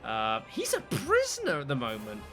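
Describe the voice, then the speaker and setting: Male let's play host, lively, swings a lot in pitch, swears a lot, game music under him. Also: moderate pace. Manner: swears freely, lively and exclamatory. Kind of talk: casual gameplay commentary.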